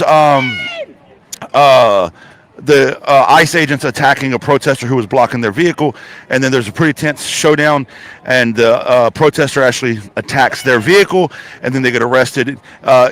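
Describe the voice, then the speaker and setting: A man's voice: medium pitch, fairly bright tone. A man reporting live from a protest site in an urgent, emphatic and blunt way, swearing freely. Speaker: on-the-ground reporter. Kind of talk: live remote interview.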